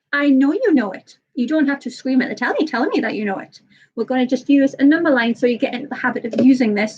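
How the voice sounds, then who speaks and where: A woman's voice: high-pitched, darkish tone. Nervous woman teaching young kids. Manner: patient, repeats "okay?" often, talks a bit fast and nervous. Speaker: early years teacher. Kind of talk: live online maths lesson for young children. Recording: slightly dull lo-fi sound.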